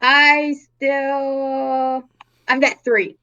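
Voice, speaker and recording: A woman player at a tabletop game speaks in a high voice at an unhurried pace, relaxed and given to laughing between rolls. Her audio sounds dull and lo-fi.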